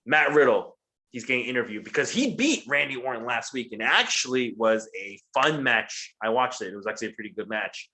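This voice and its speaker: A man's voice: medium pitch, animated, a little fast, pushed and bright. A man co-hosting a casual show, recapping wrestling in a profane, rambling way. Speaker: podcast co-host.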